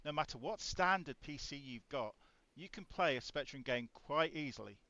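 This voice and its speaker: A man hosting a casual livestream chat, quiet on his microphone, his loudness jumping around. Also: a little high, animated, moderate pace, no echo, muffled recording. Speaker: host.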